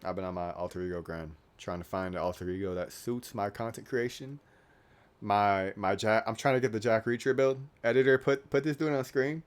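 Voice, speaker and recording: A man's voice: lowish voice, fairly even intonation, brisk, smooth. A young man in his late teens vlogging casually, rambling and joking at his own expense. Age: young adult. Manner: rambling, self-deprecating, joking. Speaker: YouTuber.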